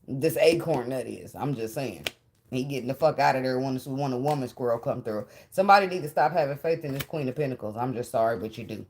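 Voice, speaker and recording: A woman's voice: a bass voice, lively intonation, a little fast, a little mellow, a little hiss or hum. A woman giving a casual tarot reading, blunt and profane, laughing often as she talks. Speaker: tarot reader.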